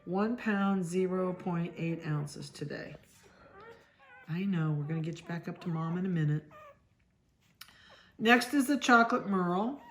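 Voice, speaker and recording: A middle-aged woman from Ohio, a dog breeder, chatting casually as she handles puppies and talks softly to them. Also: lowish voice, unhurried, long pauses.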